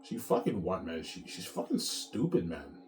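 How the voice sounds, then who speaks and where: A man's voice: low-pitched, huge pitch swings, moderate pace, a little mellow, a little hiss or hum. A man in his thirties, an author talking casually to his viewers in a rambling, profane rant, repeating words and tacking "man" onto his sentences. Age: 30s. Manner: repeats words and restarts often. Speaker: author vlogger.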